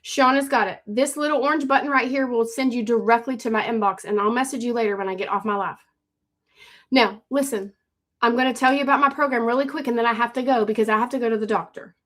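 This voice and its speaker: A woman hosting a phone live stream, pitching her courses fast and urgently, repeating herself and calling out viewers by name. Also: fairly bright tone. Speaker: livestream host selling online courses.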